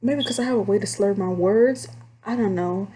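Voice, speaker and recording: A young woman from Texas with a Texan accent, candidly telling stories about her call center job in a casual, animated, drawling way. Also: medium pitch, normal speed. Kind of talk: casual storytime vlog.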